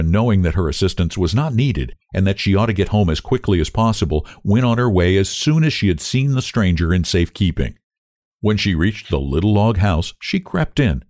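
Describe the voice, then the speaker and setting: A man narrating a storybook in an expressive reading voice. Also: lowish voice, dry recording, studio quality. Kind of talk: audiobook reading.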